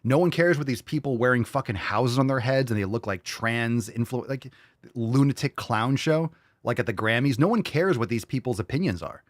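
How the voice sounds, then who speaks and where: A man's voice: mid-range voice, expressive, moderate pace, no echo, studio quality. A man hosting a podcast, reacting to clips with mocking, profane, ranting political commentary. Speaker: podcast host.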